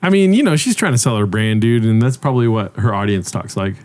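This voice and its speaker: Laid-back co-host from California. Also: male voice, mid-range voice, lively intonation, quick pace, darkish tone. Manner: laid-back, filler-heavy, lots of "you know". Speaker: podcast co-host. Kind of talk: casual podcast chat.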